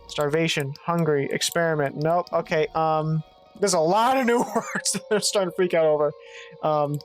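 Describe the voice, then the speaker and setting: A woman streams a game, thinking out loud and swearing freely as she works through it. Her voice sits a little low, and she reads bits of the game text aloud between her muttering. Faint game music plays underneath. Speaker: gaming streamer. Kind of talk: let's play commentary.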